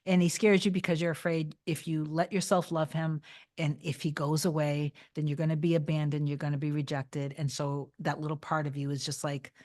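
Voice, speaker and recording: A woman on a casual livestream, reading and answering chat. She talks in a rambling, chatty way, restarts a lot and turns soft and reassuring when she gives advice. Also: low-pitched, level tone, brisk. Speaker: manifestation coach answering live chat.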